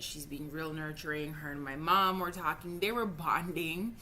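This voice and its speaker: This is an emotional vlog rant from a Jamaican woman in her thirties who is upset, swearing a lot and fumbling her words when angry. Her low voice stays fairly even, pushed and bright, moving at normal speed with few pauses over a slight hiss or hum.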